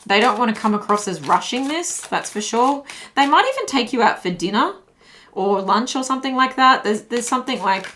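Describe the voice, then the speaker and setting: A woman's voice: on the high side, lively intonation, a little fast, fairly bright tone, slight background noise. Chatty woman giving a tarot reading. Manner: chatty, thinks aloud with many fillers and restarts. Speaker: tarot reader. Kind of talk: intuitive tarot reading to camera.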